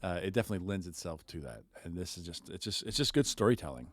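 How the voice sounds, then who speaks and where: A man's voice: deep voice, fast talker, husky, no room sound. A man co-hosting a podcast, chatting casually about Bible stories, reading scripture aloud and acting out the quoted lines with energy. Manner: animated storyteller, acts out quoted lines. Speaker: podcast co-host.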